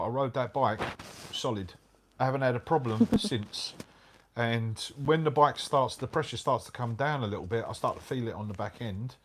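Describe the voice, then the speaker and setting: A middle-aged man telling a motorbike travel story in casual chat, animated and full of slang. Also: medium pitch, a little hiss or hum. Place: hotel room, indoors.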